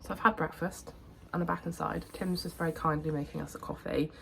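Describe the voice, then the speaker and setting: A young woman vlogging casually about her day, chatty and relaxed, her voice hoarse as she is losing it. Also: deep voice, a little fast, loud music behind the voice. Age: young adult. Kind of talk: casual vlog chat.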